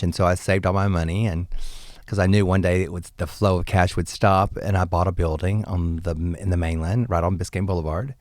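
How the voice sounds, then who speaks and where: A man guest, a drag performer, telling stories in a casual interview with a lively, campy manner and bursts of laughter. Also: no room sound, clean studio sound. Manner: animated, campy, laughs often, jumps up in pitch.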